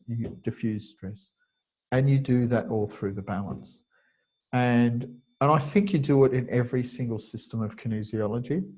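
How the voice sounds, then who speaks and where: A man's voice: mid-range voice, a little mellow, husky, poor audio. A man teaching a webinar lecture over a video call, explaining step by step and thinking aloud with frequent fillers. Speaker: kinesiology teacher.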